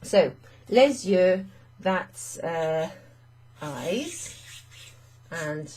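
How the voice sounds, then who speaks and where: A woman's voice: on the low side, lively intonation, very slow, a little mellow, husky. A woman teaching French vocabulary to learners, chatty and thinking aloud with fillers and frequent little laughs.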